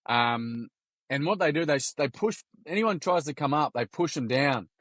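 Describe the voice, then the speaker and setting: An Australian man, a podcast guest, chatting casually as an animated storyteller with plenty of slang, swearing and restarts. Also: a little high, moderate pace, no echo. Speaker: podcast guest, youth workshop founder. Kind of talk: casual interview chat.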